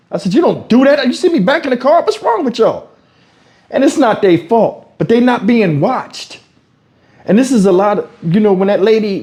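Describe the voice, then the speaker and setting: Animated man telling a story. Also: fairly high pitch. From Houston, Texas. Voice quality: animated storyteller, acts out quotes, swears freely. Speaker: YouTube commentator. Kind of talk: casual storytelling vlog. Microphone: wireless lavalier mic.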